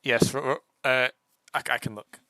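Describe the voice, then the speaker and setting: A young man narrating a tabletop game as game master, halting with many restarts. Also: mid-range voice, steady tone, pushed and bright, no room sound.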